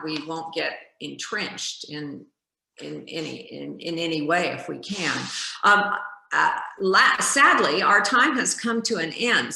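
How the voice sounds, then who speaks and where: A woman's voice: lowish voice, sharp tone. A woman moderating a panel discussion, reading out audience questions and thanking the panelists. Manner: reads audience questions aloud. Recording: echoey room.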